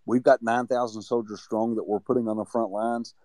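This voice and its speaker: A man's voice: medium pitch, little pitch movement, a little fast, a little mellow, no echo. A man speaking earnestly to an online community in a rallying, motivational way. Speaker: community member. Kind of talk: motivational speech.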